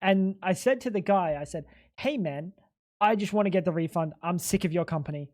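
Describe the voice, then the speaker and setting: A man's voice: sits high, fairly quick, a little mellow. A man streaming live, chatting casually in a ranting, exasperated way full of swearing.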